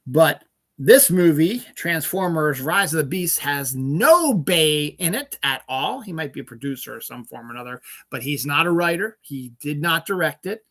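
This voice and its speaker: A male host chatting casually on his own, his voice bright and slightly high. He rambles along, breaking off with little fillers and restarts as he goes. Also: animated, moderate pace. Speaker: podcast host. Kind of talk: casual solo chat.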